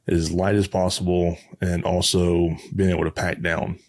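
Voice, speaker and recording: A man's voice: deep voice, flat delivery, moderate pace, a little mellow, no room sound. A man hosting a podcast, chatting in an easygoing, agreeable way with hesitant restarts. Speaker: podcast host. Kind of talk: casual chat.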